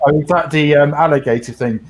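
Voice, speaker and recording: A man's voice: fairly high pitch, brisk, poor audio. A man with a New Hampshire accent hosting a casual stream, rambling and laughing at himself. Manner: rambling, self-deprecating, laughs often. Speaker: stream host. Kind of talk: casual chat.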